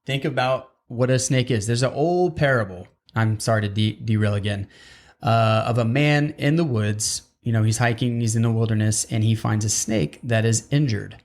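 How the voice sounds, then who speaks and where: A man's voice: on the low side, normal speed. Rambling male podcast host. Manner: rambling, digressive, restarts often. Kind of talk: casual wrestling chat.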